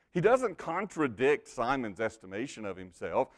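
Pastor guy preaching a sermon, talks right at the congregation, drops to near whispers then gets loud and emphatic. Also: medium pitch, very animated, moderate pace, hardly any pauses. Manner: direct address to the congregation.

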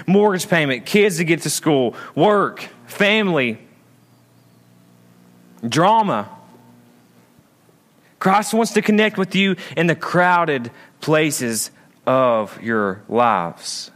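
A male pastor preaching a sermon in a church, swinging between raised emphatic lines and low, quiet asides. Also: expressive, slow pace.

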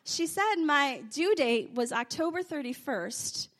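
A woman preaching a sermon, telling stories and testimony, moving from hushed confession to loud praise. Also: sits high, unhurried. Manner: animated, swings from hushed confession to loud exclamations.

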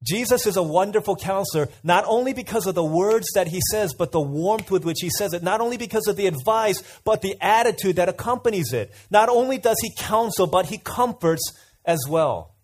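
A man's voice: sits high, animated, a little fast. A man preaching a sermon in a conversational way, asking listeners questions and telling stories. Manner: conversational, asks the audience questions, tells anecdotes.

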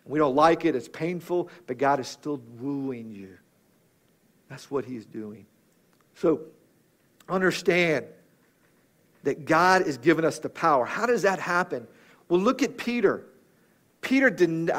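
A man's voice: on the high side, expressive, unhurried, pauses often, fairly bright tone. A man preaching a sermon in a rhythmic, emphatic manner, appealing directly to his listeners.

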